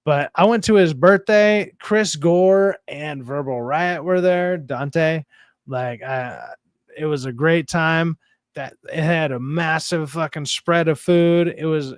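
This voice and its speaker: Dude chatting on his stream, kinda high voice, swears a lot, dry close mic. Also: dry recording. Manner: profane, animated storytelling. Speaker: stream host. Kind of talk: casual chat.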